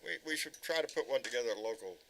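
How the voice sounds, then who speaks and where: A man's voice: mid-range voice, expressive, very fast, fairly bright tone, poor audio. A man hosting a casual livestream chat, bantering and joking. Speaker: host.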